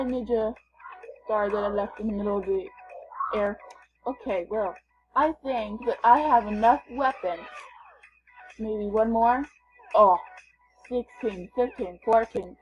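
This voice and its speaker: Woman vlogger, unhurried and chatty, higher-pitched, casual gameplay chatter on a dull lo-fi recording. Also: a little hiss or hum. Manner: playful, chatty, thinking aloud. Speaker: gamer vlogger.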